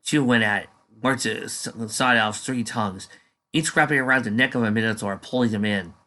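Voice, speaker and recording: A man's voice: fairly low pitch, fairly quick, bright, forceful tone. A man casually reading a fan story aloud, dropping offhand asides between passages. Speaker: fanfiction reader.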